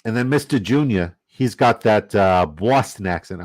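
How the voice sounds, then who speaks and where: A man's voice: fairly low pitch, lively intonation, normal speed, a little mellow. A man from Canada, giving loose, jokey commentary and swearing casually while running down a fantasy football draft.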